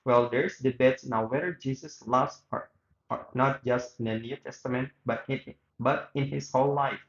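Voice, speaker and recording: A man with a mid-range voice and fairly even intonation speaks at normal speed. As a student, he reads both sides of a radio interview in a read-aloud reenactment, with small slips and restarts. The recording sounds roomy, with the highs cut off.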